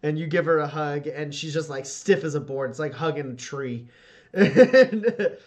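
A man's voice: on the high side, measured pace. A man narrating a tabletop game as game master, in a casual, filler-heavy storytelling way.

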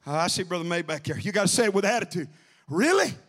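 A man preaching an impassioned revival sermon, shouting and calling out to the congregation. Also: high voice, very fast.

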